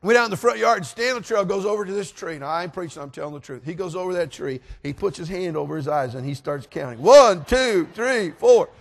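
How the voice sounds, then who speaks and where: A middle-aged man preaching, telling a story and acting out voices with animated delivery. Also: fairly high pitch, fast, vocal fry, few pauses. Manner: animated, acts out voices in anecdotes. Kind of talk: sermon storytelling.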